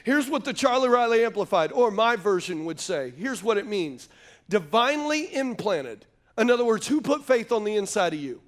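A male pastor with a high-pitched voice full of big pitch swings preaches at normal speed to a live congregation in a church sanctuary. He asks the crowd to answer back and drops jokey asides between his points.

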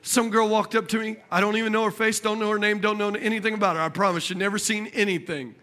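Bright high-voiced preacher man. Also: fast, a little hiss or hum. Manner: animated, jokey, calls out to the congregation. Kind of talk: sermon with comic storytelling.

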